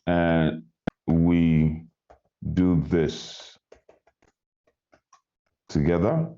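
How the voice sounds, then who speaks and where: A man's voice: low-pitched, level tone, drawn-out words, mellow, highs cut off. A man on a video call, giving a fiery, repetitive motivational talk to his team about his business. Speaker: network marketing trainer.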